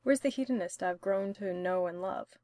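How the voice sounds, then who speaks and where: A sardonic, teasing young man, as a woman reading the story puts him on. His banter comes wry and quick. The sound is dry and close. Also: mid-range voice, dark tone, dry recording, natural voice. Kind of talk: audiobook-style story reading.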